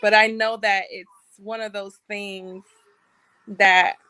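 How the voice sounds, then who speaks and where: Woman caller on a psychic show, slow and unsure, giggly, bright dry voice. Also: mid-range voice, level tone, smooth, no room sound, poor audio. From Florida. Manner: hesitant, apologetic, giggly. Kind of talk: casual call-in chat. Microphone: video call.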